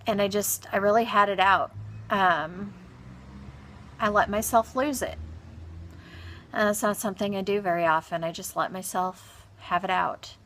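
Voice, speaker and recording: Slow, halting grieving woman. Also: mid-range voice, steady tone, slight background noise. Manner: halting, soft-spoken, many pauses and restarts. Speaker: vlogger. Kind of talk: reflective personal monologue.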